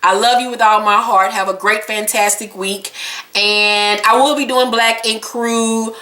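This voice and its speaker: A woman vlogger recapping a reality episode in casual, profane, animated storytelling. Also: fairly high pitch, measured pace, reverberant. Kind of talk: casual chat.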